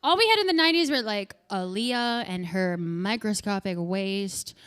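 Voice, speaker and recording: Bright, brash woman doing stand-up. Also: medium pitch, moderate pace, clear, resonant tone. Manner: profane, animated, bursts into shouting. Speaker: stand-up comedian. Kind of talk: stand-up comedy with crowd work.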